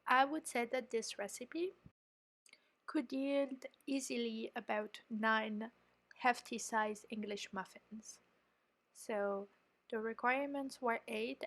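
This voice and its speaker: A French woman from France, with a slightly high, fairly bright voice, narrates a voice-over of her home baking and chats about her mistakes as she goes. She's a home baker who hosts her own channel, and she comes across as chatty, explanatory and hard on herself.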